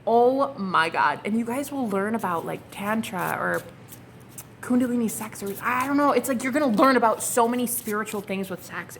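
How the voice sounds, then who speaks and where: A young woman doing a casual tarot reading, excitable and flustered, swearing casually and calling her viewers honey and girl. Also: mid-range voice, slight background noise. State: flustered and hot. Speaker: tarot reader.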